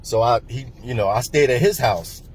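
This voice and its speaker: A man in his forties from New Jersey speaks in a husky, mid-pitched voice. He rambles through a personal story, circling back with lots of fillers and repeats. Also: moderate pace. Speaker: vlogger.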